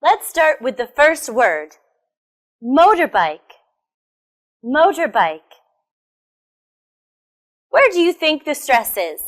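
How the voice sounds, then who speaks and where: Slow, lively American woman teacher. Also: high voice. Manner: slow, careful enunciation with repetition; encouraging, asks learners questions. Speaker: English pronunciation teacher. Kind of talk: pronunciation lesson.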